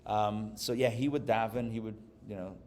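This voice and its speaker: A man from Pittsburgh, a rabbi giving a live class, who tells stories and jokes in an animated way. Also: on the low side, normal speed, slight background noise. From Pittsburgh, USA. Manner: animated, joking storyteller. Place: live class before an audience.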